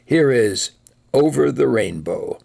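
Slow gravelly male program host. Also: medium pitch, animated, darkish tone. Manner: measured, formal announcing. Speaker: radio music program host. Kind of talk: scripted narration.

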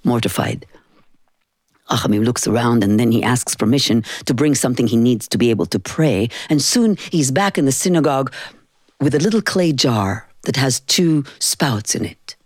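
Low-voiced woman storyteller. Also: lively intonation, normal speed, a little mellow, no room sound, studio quality. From Israel. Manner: intimate, emotional, rhythmic. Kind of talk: spoken storytelling performance.

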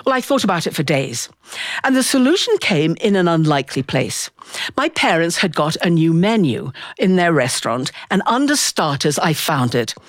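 A woman telling a personal childhood story in a lively, expressive way, acting out the voices of the people in it. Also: lowish voice, normal speed, dry recording, clean studio sound.

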